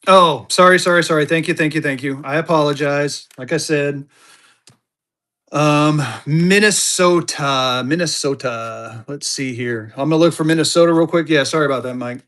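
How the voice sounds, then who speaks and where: A man's voice: fairly high pitch, moderate pace, fairly bright tone. A man, chatting casually to viewers as a live-stream seller and thinking aloud as he digs through his stock. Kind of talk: casual live auction chat.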